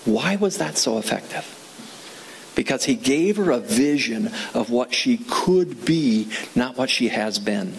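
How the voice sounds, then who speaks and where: A man's voice: mid-range voice, lively intonation, a little slow, creaky, a little hiss or hum, low-quality recording. A man preaching a sermon as a pastor, talking in a conversational way, asking his listeners questions and repeating key phrases for emphasis. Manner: conversational, asks the audience questions.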